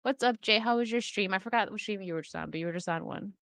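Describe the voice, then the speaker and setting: A woman's voice: mid-range voice, quick pace, fairly bright tone, dry recording. A woman chatting casually on her livestream, reacting to chat and laughing often into a desk microphone. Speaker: streamer chatting with live chat.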